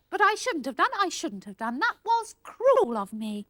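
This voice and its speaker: A woman's voice: very high voice, very animated, normal speed, fairly bright tone, slight background noise. A woman presenting a children's puppet show, prim and fussy, with careful, precise diction.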